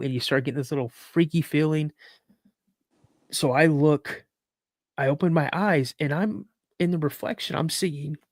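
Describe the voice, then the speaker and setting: A man telling an emotional personal story in an earnest, halting way, full of restarts as he fights back tears. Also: on the high side, no echo, clean studio sound.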